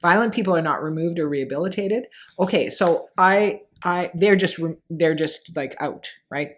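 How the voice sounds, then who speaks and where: Animated woman telling stories in a low voice. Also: moderate pace, a little hiss or hum. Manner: animated storyteller, acts out scenes with voices. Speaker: podcast co-host. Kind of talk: casual chat.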